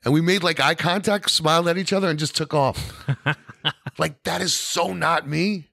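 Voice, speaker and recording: A man with a New York accent telling his recovery story as a podcast guest, animated and peppered with "you know what I mean". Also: fairly high pitch, normal speed, vocal fry, no room sound, clean studio sound.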